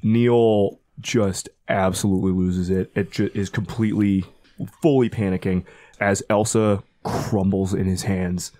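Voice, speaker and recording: A man with a fairly low voice plays a tabletop game, chatting casually and thinking aloud about his rolls. He swears freely and talks plainly. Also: steady tone, unhurried, dark tone, no echo. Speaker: player.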